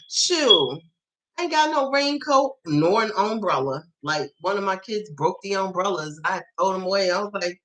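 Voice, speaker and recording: With a fairly low, expressive, fairly bright voice and a slightly slow pace, a woman hosts a casual tarot channel livestream, heard on a rough recording. She tells stories bluntly, swearing and laughing a lot while acting out her past remarks in quoted voices.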